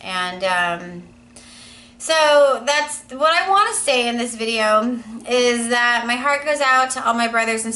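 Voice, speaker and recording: A woman in her thirties speaks straight to her viewers in a loose, personal vlog. Her voice sits a little high and has a bright, tense edge. She talks earnestly and rambles, leaning on "you know" again and again. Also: low-quality recording. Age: 30s. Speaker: vlogger. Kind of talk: casual personal vlog monologue.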